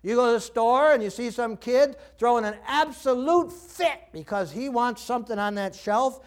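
Older male pastor, high-pitched, animated sermon delivery with acted-out voices and laughter. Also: moderate pace. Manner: animated, acts out quoted voices, laughs often.

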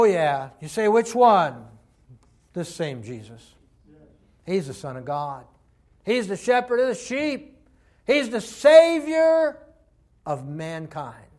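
A man preaching a sermon with passion, moving between loud emphatic lines and hushed, heartfelt ones. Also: fairly high pitch, sing-song, slow. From Texas.

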